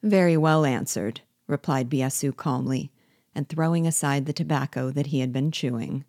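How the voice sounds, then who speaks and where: A woman reading a classic novel aloud in a measured, steady way. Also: extremely low pitch, no echo, studio quality. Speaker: book reader and guide.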